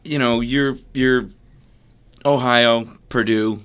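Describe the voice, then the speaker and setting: A man's voice: medium pitch, fairly even intonation, slow pace, fairly bright tone, clear, resonant tone. A man interviewing a guest in a casual chat, asking playful, joking questions.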